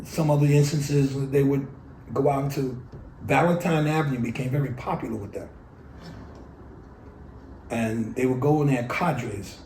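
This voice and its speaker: A man's voice: medium pitch, a little mellow, reverberant, a little hiss or hum, poor audio. Older blunt-spoken New man. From New York City. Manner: blunt, profane storytelling. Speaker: oral history interviewee. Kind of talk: oral history storytelling.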